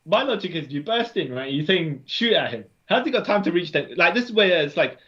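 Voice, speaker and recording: A man's voice: high voice, very animated, fairly quick, pushed and bright, muffled recording. A man chatting casually as a podcast co-host, recapping a comic and acting out the characters' lines.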